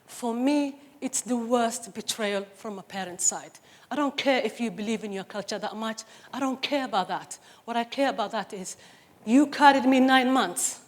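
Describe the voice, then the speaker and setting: A middle-aged woman from Somalia speaks on stage in a fairly high voice. Her testimony is impassioned and emphatic, pressing each point home. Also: lively intonation, moderate pace, darkish tone. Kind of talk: personal testimony talk. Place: stage before an audience.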